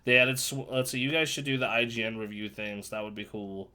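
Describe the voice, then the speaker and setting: A man's voice: mid-range voice, flat delivery, fairly quick, pushed and bright. A man co-hosting a casual gaming podcast, rambling and restarting his sentences with dry asides. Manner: rambling, self-interrupting, dry. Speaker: podcast co-host.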